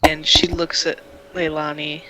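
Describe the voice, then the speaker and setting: A woman narrating a tabletop role-playing game as game master in a measured, descriptive way. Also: sits low, little pitch movement, background noise.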